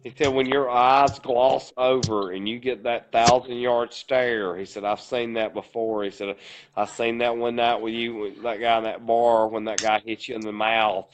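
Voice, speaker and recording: A man's voice: mid-range voice, flat delivery, normal speed, slight background noise. A man co-hosting a podcast, telling a long story at a rambling pace and swearing often. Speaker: podcast co-host. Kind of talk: casual podcast chat. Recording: dull lo-fi podcast audio.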